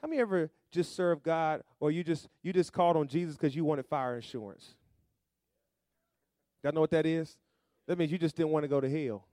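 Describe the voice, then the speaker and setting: A male pastor preaching a sermon, calling to the congregation and rising to loud emphatic bursts. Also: fairly high pitch, fairly quick, no echo, studio quality.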